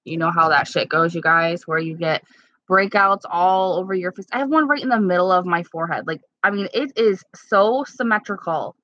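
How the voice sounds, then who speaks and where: A woman chatting casually with live-stream viewers at home, candid and quick to laugh. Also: on the low side, a bit bright, dry recording. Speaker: livestream host. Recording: slightly dull lo-fi sound.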